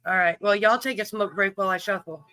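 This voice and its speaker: Lady streamer dealing cards, hacking cough, bright voice, dry close mic. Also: mid-range voice, quick pace, dry recording, low-quality recording. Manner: folksy, teasing, profane, chatty. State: coughing, short of breath. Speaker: live stream host dealing a card game. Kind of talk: casual chat with viewers.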